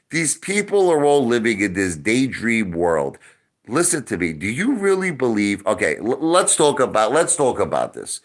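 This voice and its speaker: A man's voice: fairly low pitch, a bit bright. A middle-aged man ranting on a livestream, boastful and mocking, with crude insults and repeated lines. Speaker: online video host.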